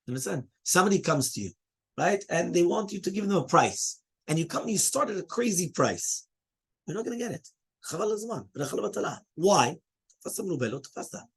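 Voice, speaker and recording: A man teaching a Talmud class, animated and full of "okay?" and "right?", mixing Hebrew and Aramaic terms into English. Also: fairly high pitch, breathy edge.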